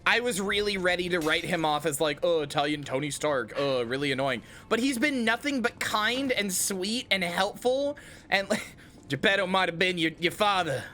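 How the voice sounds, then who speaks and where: A man's voice: sits high, moderate pace, sharp tone, slight background noise. A game streamer doing casual livestream commentary, playful and rambling, often addressing his chat. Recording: faint music behind.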